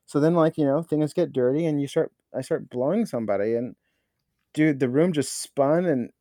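Young guy guest, kinda high voice, crude swearing stories, dry sound. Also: normal speed, no echo. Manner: crude, animated storytelling with lots of swearing and fillers. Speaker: podcast guest. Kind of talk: casual chat.

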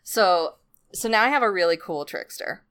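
A woman's voice: lowish voice, animated, normal speed, a bit bright, clear, resonant tone. A woman in casual chat, retelling folk tales in a rambling, laid-back way.

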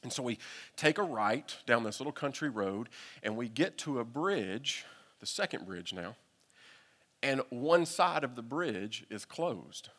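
A man with a Southern US accent, a pastor telling a humorous, animated story during a sermon. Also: mid-range voice, unhurried. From United States. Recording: long reverb from a hall.

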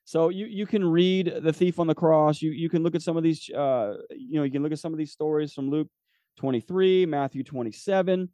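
A man's voice: on the high side, brisk, dark tone, no room sound. A man hosting a podcast, teaching from the Bible in a conversational way, often checking in with "okay?" and reading scripture aloud. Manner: reads scripture aloud, correcting himself. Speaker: podcast host and preacher.

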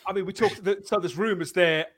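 A man's voice: high voice, a little fast, fairly bright tone. A man hosting a livestream panel chat, steering the talk and reading out viewer comments. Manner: leads discussion, reads viewer comments. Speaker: podcast host.

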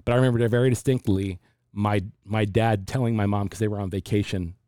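A man in his forties talking about faith and grief in a reflective, halting way, often restarting his sentences. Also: lowish voice, fairly even intonation, dark tone, clean tone, dry recording, clean studio sound. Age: 40s. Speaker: pastor. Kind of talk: casual faith discussion.

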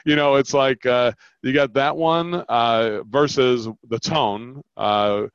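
A man coaching on a podcast, animated and quick, often acting out customer lines as he explains sales talks. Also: medium pitch, smooth, dry recording, muffled recording. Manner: animated, fast-talking, acts out customer lines.

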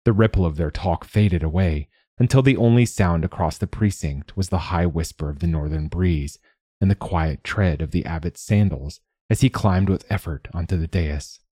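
A man narrates a story in a measured, steady reading voice. His voice is very deep and dark. The recording is close and dry. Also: slightly rough, no room sound. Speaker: audiobook narrator. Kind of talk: scripted narration.

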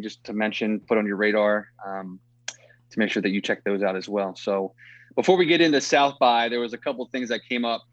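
A man's voice: fairly low pitch, a bit bright, dry recording, dull audio. A man hosting a casual movie podcast, rambling with lots of fillers and easy laughs. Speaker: podcast host.

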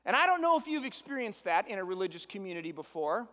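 A man preaching a sermon as pastor, animated, piling up rhetorical questions and swinging from loud emphasis to hushed asides. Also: high voice, fast, in a large hall.

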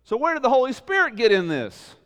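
A male pastor preaching an animated sermon, full of rhetorical questions, swinging between loud emphasis and quiet asides. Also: very high-pitched, a little fast, in a large hall.

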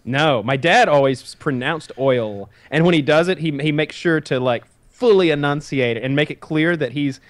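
A man's voice: a little high, normal speed, few pauses, no echo. A man from the American South who talks casually, rambling and restarting his sentences as he chats. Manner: rambling, self-interrupting storyteller. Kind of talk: casual chat.

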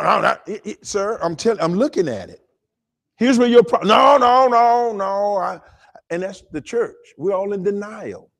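A male pastor preaching in a high, very lively voice. He draws the congregation into call-and-response and piles up repeated words for emphasis. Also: creaky. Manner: stammering repetitions while building emphasis. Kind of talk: sermon.

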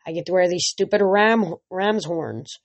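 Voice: medium pitch, a little slow, dry recording. Reader as a sulky grumbling Titan guard. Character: grumbling ram-horned Titan guard, resentful. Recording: dull lo-fi recording.

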